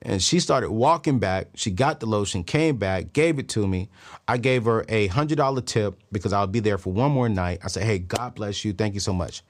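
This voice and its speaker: A man in his thirties hosting a podcast, telling stories and giving money and faith lessons in an animated, preacher-like way with emphatic repeats. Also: on the low side, normal speed. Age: 30s. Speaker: podcast host. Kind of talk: motivational talk on money and faith.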